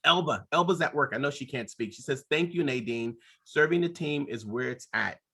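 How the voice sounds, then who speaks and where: A man's voice: medium pitch, lively intonation, moderate pace, slightly rough. A man hosting a video call, enthusiastically thanking his guest and calling on participants to speak. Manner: enthusiastic, warm-hearted praise, calls on speakers. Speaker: host.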